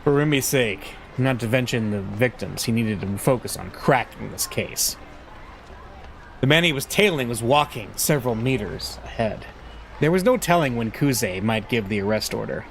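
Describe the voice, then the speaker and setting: A man reading game text aloud in an expressive way, with casual asides as he plays. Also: mid-range voice, normal speed, creaky, slight background noise. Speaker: let's play host reading a visual novel. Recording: voice over game music.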